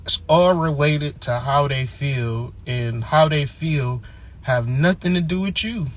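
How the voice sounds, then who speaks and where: A man's voice: a little high, slow pace. A man hosting a channel, delivering a blunt, profane, emphatic ranting monologue. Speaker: channel host.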